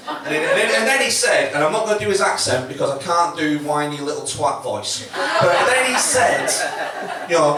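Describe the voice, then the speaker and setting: Chatty comic, echoey room. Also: male voice, a little high, sing-song, normal speed, pushed and bright. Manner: chatty, swearing, self-mocking, acts out quotes. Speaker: stand-up comedian. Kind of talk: stand-up comedy set. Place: comedy club stage. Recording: echoey room, mic from a distance, faint noise.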